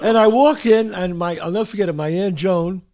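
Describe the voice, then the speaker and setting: A man from the Bronx, hosting a show and telling stories, animated and acting out voices. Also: sits high, brisk. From the Bronx, New York. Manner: animated, acts out voices, trails off mid-sentence. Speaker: host. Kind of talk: storytelling.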